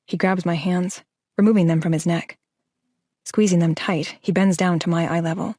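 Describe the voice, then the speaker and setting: Woman, audiobook narrator, first-person, intimate, emotive, lowish voice, dry close recording. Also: fairly even intonation, normal speed, darkish tone, no echo.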